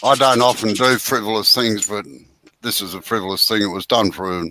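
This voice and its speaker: A man's voice: on the low side, fairly even intonation, brisk, background noise. An Australian man hosting a live woodturning stream, chatting casually and teasing friends while explaining technique. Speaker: woodturning show host.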